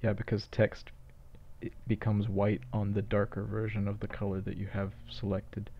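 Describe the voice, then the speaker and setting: A man's voice: on the low side, completely flat delivery, moderate pace, lo-fi sound. A man casually commentating a playthrough of a game he made, with offhand, self-mocking asides. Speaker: game creator commentating his own game.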